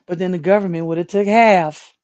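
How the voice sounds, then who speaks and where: A woman's voice: lowish voice, steady tone, fairly quick, darkish tone. Rambling, chatty woman on a dull mic. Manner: rambling, chatty, laughs often, talks to chat viewers. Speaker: livestream host. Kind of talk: casual livestream commentary.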